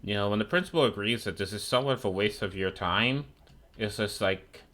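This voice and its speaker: Young man, gaming streamer, lowish voice, bright forceful tone, rambling, swearing, keyboard clicks. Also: a little fast. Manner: rambling, profane, sarcastic. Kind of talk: casual chat while gaming.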